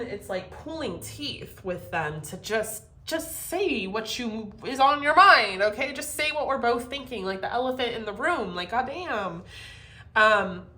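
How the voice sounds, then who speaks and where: A woman giving a casual tarot reading to camera, animated and profane, laughing often. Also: fairly high pitch, echoey room. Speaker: tarot reader.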